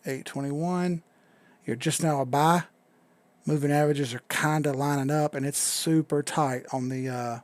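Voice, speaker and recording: A gravelly, laid-back man with a drawl talks through charts on his live stream, drifting from point to point and swearing casually. His voice sits at an ordinary pitch and is recorded dry and close. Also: darkish tone, dry recording. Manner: laid-back, rambling, swears casually, reads chat aloud. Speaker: crypto live stream host.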